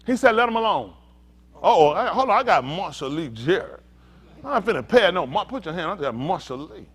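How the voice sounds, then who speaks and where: A man delivering a teaching sermon with a lively, sing-song delivery that rises and falls constantly. His voice sits slightly high, and he keeps drawing listeners in with questions in relaxed, everyday speech. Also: fairly quick, slightly rough. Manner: animated, calls out to listeners, laughs and shouts at times; casual vernacular, asks "y'all understand?". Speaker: pastor.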